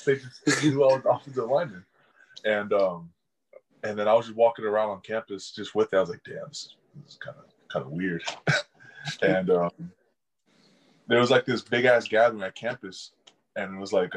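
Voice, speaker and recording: A young adult man, a college football player, tells casual stories in an interview and laughs often. His voice is lowish and slightly rough, and the audio is poor.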